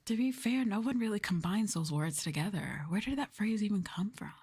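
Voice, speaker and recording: A young woman streamer in a soft-spoken ASMR chat, rambling casually with lots of fillers. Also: medium pitch, expressive, brisk, few pauses, breathy edge.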